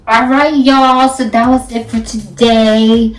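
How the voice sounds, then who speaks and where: Sassy woman talking, keeps saying honey, kinda high voice, sounds far from the mic. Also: a little slow, few pauses. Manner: blunt, sassy, drawls "honey" often. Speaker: reaction video host. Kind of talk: sassy casual commentary. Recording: echoey room, off-mic.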